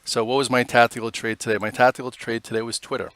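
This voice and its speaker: A man's voice: mid-range voice, level tone, fast talker, a bit bright, no room sound. Casual man talking through stock charts. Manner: casual, rambling, many "um"s. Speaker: stock trading host. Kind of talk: live market commentary.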